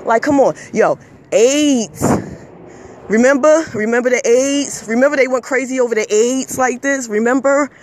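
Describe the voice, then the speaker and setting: A man's voice: extremely high pitch, normal speed. A man delivering a heated, emphatic monologue rant, repeating himself, scolding listeners and swearing when worked up.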